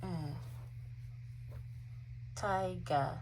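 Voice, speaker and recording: Slow-spoken young mom, noisy home clip. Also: female voice, on the low side. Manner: coaxing, teaching a toddler words; tired, candid confiding to camera. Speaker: vlogger mother. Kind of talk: casual family vlog. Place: home at night.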